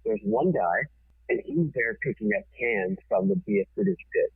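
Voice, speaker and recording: A man, a TV producer and podcast guest, telling a story in a casual, forceful way and swearing freely. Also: on the low side, sing-song, normal speed, slightly rough, no room sound. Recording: tinny phone-like sound.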